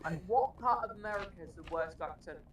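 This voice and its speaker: A man's voice: high voice, fast talker, a bit bright. A British man chatting playfully on a livestream, self-deprecating and easygoing. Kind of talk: casual chat. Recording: echoey, distant, noisy call audio.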